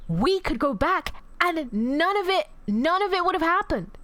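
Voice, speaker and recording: A woman's voice: sits high, lively intonation, moderate pace, hardly any pauses, fairly bright tone, a little hiss or hum. A woman streamer rambling through emotional live commentary on a game, swearing freely and talking back to chat.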